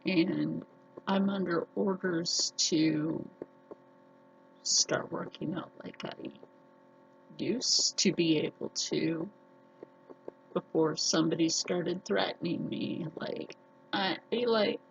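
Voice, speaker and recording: A woman's voice: on the low side, steady tone, drawn-out words, vocal fry, long pauses, lo-fi sound, background noise. A woman chatting casually to the camera as a sewing vlogger, defiant and chatty. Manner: chatty and defiant, with frequent laughs.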